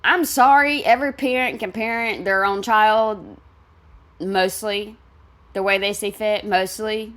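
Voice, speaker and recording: A woman's voice: mid-range voice, fairly even intonation, a little slow, a bit bright. Blunt, profanity-heavy woman ranting. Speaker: reaction video host. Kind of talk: commentary reacting to a reality show clip.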